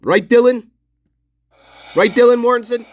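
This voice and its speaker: A man's voice: very high-pitched, unhurried, a crowd in the background. A man commenting on interview footage in an angry, sarcastic, profane rant.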